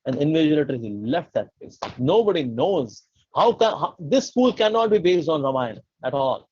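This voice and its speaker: A man tells a devotional story in an animated way and acts out the voices. His voice is fairly high and husky. The recording is dull and lo-fi, in a dry room. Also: brisk, no echo. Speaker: devotional speaker.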